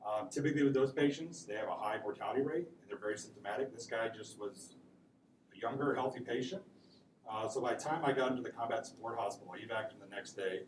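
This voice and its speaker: A man's voice: medium pitch, quick pace. A man giving a casual classroom lecture, often checking in with "right?" as he tells stories. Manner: casual, conversational, peppered with "right?". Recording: echoey room mic from far off, noisy.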